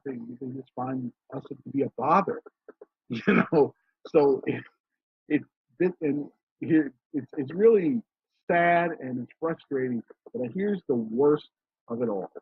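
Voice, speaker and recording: Husky man on a tinny line. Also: mid-range voice, no room sound. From Philadelphia, USA. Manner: emphatic, storytelling, acts out quoted dialogue. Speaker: financial consultant, guest. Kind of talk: casual interview talk. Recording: dry, tinny phone-like line.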